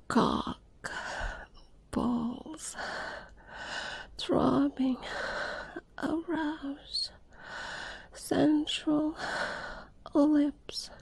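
A woman in whispered role-play, talking in a slow, unvoiced whisper broken by long, hesitant pauses. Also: high-pitched, creaky, a little mellow, rough recording. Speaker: audio performer.

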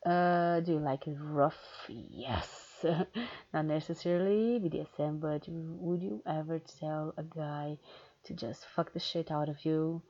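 This erotic audio creator has a low, gravelly, warm-toned voice and answers questions in a relaxed, candid way. She talks slowly and pauses a lot on filler words. The sound quality is dull and lo-fi.

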